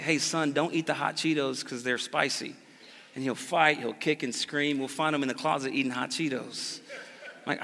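Pastor guy telling a story from the pulpit, bright voice, jokey, goes quiet then loud, big echoey church. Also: fairly high pitch. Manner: animated, jokey, swings from hushed asides to loud bursts. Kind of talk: sermon storytelling. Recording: long reverb of a large hall.

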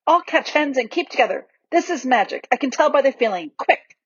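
A woman's voice: fairly high pitch, lively intonation, brisk, slightly rough, dry recording, voice pushed up. A woman voicing Edmund, a bold schoolboy who takes charge in an urgent, lifted voice, in a dull, dry recording.

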